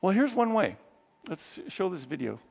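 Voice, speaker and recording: A man with a high voice preaches to his congregation, chatty one moment and fired up the next. His words ring out with a long church reverb. The sound is dull and a bit muffled. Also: moderate pace, gravelly. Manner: conversational and animated preaching, swinging between low asides and excited outbursts. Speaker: pastor. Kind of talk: sermon. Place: church sanctuary.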